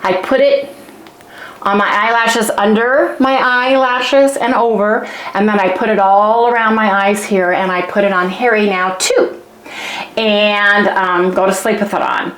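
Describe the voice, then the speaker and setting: A woman's voice: mid-range voice, fairly even intonation, measured pace, fairly bright tone. A woman vlogging in a chatty, rambling way, ranting casually to her viewers. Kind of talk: casual vlog rant. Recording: echoey room.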